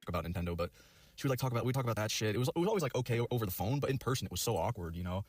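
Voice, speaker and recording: Young guy, very fast talker with a lowish voice, rambling storyteller who swears constantly. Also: expressive, no room sound. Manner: rambling, heavy on fillers and profanity. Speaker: storyteller in a video clip.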